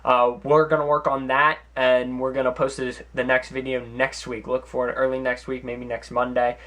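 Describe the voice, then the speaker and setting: A young man hosting a comedy vlog from home, giving mock advice in a deadpan, sarcastic way with rambling asides. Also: mid-range voice, normal speed. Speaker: vlog host. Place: at home, sitting in front of a camera.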